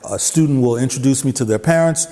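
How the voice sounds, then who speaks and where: A man, a jazz drummer and teacher, telling funny, animated stories to an audience at a venue. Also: medium pitch, quick pace. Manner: humorous, animated anecdotes. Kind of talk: storytelling talk to an audience. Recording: long hall reverb, faint music.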